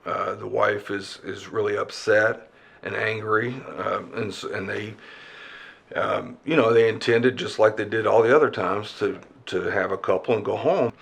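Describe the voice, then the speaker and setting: A man speaking as an addiction expert in an interview, measured and a little hesitant as he explains. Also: fairly low pitch, fairly even intonation, creaky, breathy edge.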